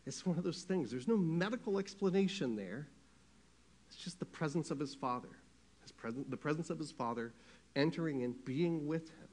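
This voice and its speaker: Guy preaching to his church, kinda high voice, chatty, asks the room stuff, goes loud then real quiet. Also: expressive, normal speed. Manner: conversational preaching, asks the congregation questions, swings from loud to hushed. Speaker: pastor. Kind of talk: sermon.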